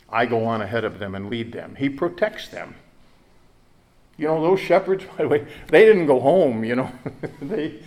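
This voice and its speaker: A male pastor preaches with earnest conviction, his voice sitting at a middling pitch. He stumbles and repeats words as he goes, then climbs to loud, emphatic peaks before dropping back to a quiet tone. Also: lively intonation, normal speed. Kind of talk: sermon.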